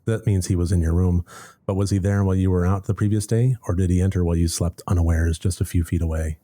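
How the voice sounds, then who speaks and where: Low, mellow-voiced gamer with wry asides. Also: male voice, fairly even intonation, fast talker. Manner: wry, sarcastic asides between narration. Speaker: let's play gamer. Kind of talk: casual gameplay commentary, reading game text aloud.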